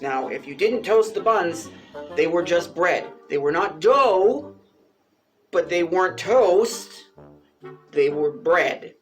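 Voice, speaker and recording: Animated, exasperated storytelling man. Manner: animated, exasperated, swears freely, rising pitch for emphasis. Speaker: vlogger. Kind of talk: casual personal storytelling to camera.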